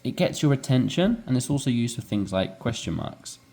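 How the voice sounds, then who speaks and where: A man's voice: medium pitch, moderate pace, creaky. A man teaching English, explaining a dialogue and acting out rising inflection. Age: adult with young children. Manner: animated, demonstrates rising inflection.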